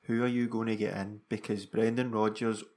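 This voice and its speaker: A man's voice: lowish voice, flat delivery, normal speed, a little mellow. A Scottish man co-hosting a football podcast, making his points earnestly and emphatically. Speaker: podcast co-host. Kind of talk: casual football podcast chat.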